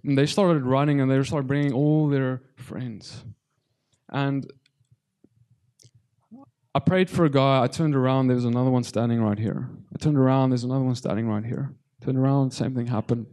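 A man preaching a personal testimony sermon to a congregation, halting and repeating words as he speaks, his voice tearful. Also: medium pitch, fairly even intonation, mellow.

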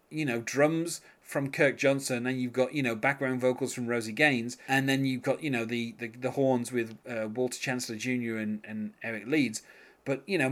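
A man's voice: medium pitch, fairly bright tone. A man chatting casually as a podcast host, full of fillers and restarts. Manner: hesitant, many fillers and restarts. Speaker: podcast host reviewing music. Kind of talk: casual chat.

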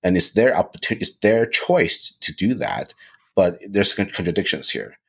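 Man, very low husky voice, casual podcast talk, lots of restarts and "right?". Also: moderate pace. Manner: animated, repeats words, lots of "right?". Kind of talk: casual discussion.

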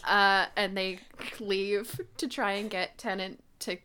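A young woman co-hosting a podcast, recapping a book in casual chat as an animated storyteller. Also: medium pitch, a little hiss or hum. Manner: animated storyteller, quick bursts of laughter. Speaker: podcast co-host.

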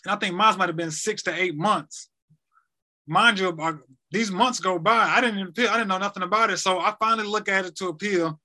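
High-voiced man telling a rambling story. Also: a little fast, sharp tone. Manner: rambling, repeats himself, acts out conversations. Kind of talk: casual personal storytelling.

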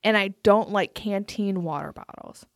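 A woman's voice: mid-range voice, moderate pace, vocal fry, dry recording, studio quality. A young woman co-hosting a podcast in casual chat, talking in a rambling way, filling her talk with "like" and laughing often. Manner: chatty, heavy use of "like", laughs often. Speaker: podcast co-host. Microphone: podcast microphone.

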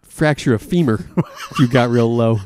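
A man's voice: medium pitch, normal speed, a little mellow. A man co-hosting a podcast in casual comedic chat, playfully teasing his co-host. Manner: playful teasing, sing-song bits.

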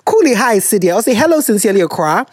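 A Ghanaian woman hosts an advice podcast, reading out listener letters and answering them with teasing, animated banter. Her pitch swings all over the place as she talks. The recording is close and dry, with no room sound. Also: fast, slightly rough, no room sound. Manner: animated and teasing, mixing slang and local words. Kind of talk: casual chat.

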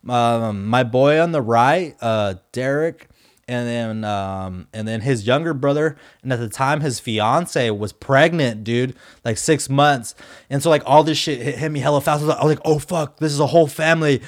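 A man's voice: medium pitch, moderate pace. A man, co-hosting a podcast and telling a story in a rambling, slangy way with lots of fillers. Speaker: podcast co-host. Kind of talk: casual storytelling chat.

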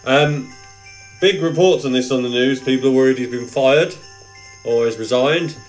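A man's voice: medium pitch, moderate pace, faint music behind. A man hosting a podcast, reading out news items in a jokey, giggly way. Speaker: podcast host, news reader. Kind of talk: casual chat.

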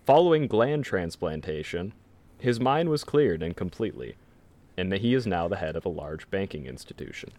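A man hosting a casual comedy podcast, reading quotes from a book aloud with animated, laughing delivery. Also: deep voice, normal speed.

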